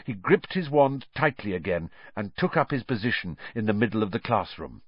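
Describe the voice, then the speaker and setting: A man narrating a fantasy story aloud with expressive, storytelling delivery, on a dull, dry recording. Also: on the low side, brisk, husky, no echo. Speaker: audiobook narrator. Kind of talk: scripted narration. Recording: dull, dry studio audiobook.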